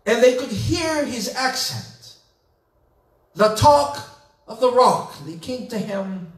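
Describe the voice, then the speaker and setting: Slow, high-voiced man preaching a sermon. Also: expressive, reverberant, far from the mic. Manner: slow, dramatic storytelling with rising emphatic questions. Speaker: pastor. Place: church sanctuary.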